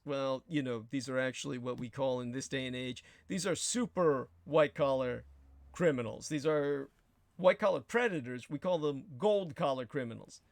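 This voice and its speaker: A man's voice: a little high, gravelly, a bit bright, no echo, studio quality. A man hosting a show, delivering an emphatic, sardonic political commentary monologue with crude asides. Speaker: show host.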